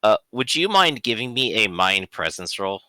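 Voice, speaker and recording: A man running a tabletop game, narrating in a relaxed, chatty way with fillers. His bright voice moves through a wide pitch range. The recording is dry and close. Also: moderate pace, dry recording. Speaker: game master.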